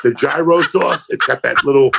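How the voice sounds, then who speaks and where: A man's voice: medium pitch, moderate pace, vocal fry, heavy background noise. A man, a comedian, telling crude, profane stories in a casual podcast chat. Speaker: comedian guest.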